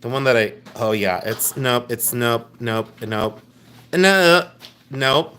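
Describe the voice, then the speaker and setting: A man's voice: medium pitch, slow pace, bright, forceful tone, slight background noise. Chatty man hosting a live jewelry sale. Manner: chatty, rambling, jokey and affectionate toward viewers. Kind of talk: casual live sales stream.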